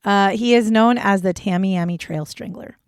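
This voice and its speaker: A woman's voice: mid-range voice, moderate pace, smooth, no room sound. Blunt chatty young woman, dry close mic. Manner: chatty, blunt, swears freely. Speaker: podcast co-host. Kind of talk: casual true crime chat.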